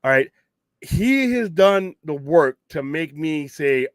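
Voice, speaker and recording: Speaking slowly and expressively in a slightly high voice, with no echo, this man is a podcast host. He rambles casually through his late-night geek talk show, airing strong opinions, often restarting, and cursing a bit.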